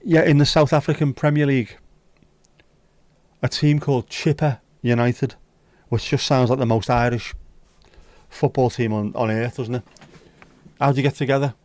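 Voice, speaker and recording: A man hosts a livestream and chats with his viewers in loose, jokey banter. His voice sits at an ordinary middle pitch. It is close to the mic and dry, with no room sound around it. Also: fairly even intonation, normal speed, long pauses, a little mellow, no room sound. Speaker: livestream host. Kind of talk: casual chat with viewers.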